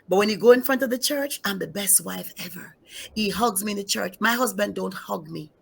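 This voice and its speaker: A middle-aged woman pastor telling her life story in an interview, with a gravelly, husky voice. She is emphatic and repeats her key lines for weight. She often turns to address her listeners directly. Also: medium pitch, a bit bright. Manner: emphatic, repeats key phrases, speaks straight to the audience. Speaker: pastor giving her testimony. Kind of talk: emotional personal testimony in an interview.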